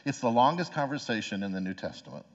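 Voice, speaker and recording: A man delivers a sermon in a relaxed, conversational voice and checks in with his listeners through frequent rhetorical questions. His voice trails off into a long reverb, as in a large sanctuary. The recording sounds dull and lo-fi. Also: mid-range voice, fast. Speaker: pastor.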